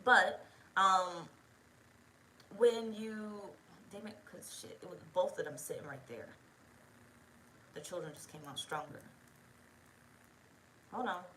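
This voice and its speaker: A woman's voice: fairly low pitch, slow pace, pauses often, sharp tone, slight background noise, poor audio. Female tarot reader, loose and profane, keeps checking in with the audience. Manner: rambling, profane, talks straight to viewers. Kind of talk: casual spoken tarot reading.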